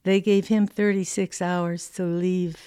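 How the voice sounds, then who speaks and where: Woman in her 80s, from California, low-pitched, lively storyteller, interview. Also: a little slow, clean tone, dry recording, studio quality. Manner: lively anecdotal telling with quoted dialogue. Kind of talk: personal storytelling.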